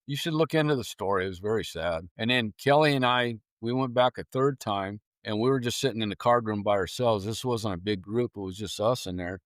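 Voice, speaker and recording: A man's voice: on the low side, brisk, few pauses, dry recording, studio quality. A man telling ghost-hunting stories casually as a podcast guest, acting out his own reactions as he goes. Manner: animated storyteller, acts out his own reactions. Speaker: paranormal investigator guest.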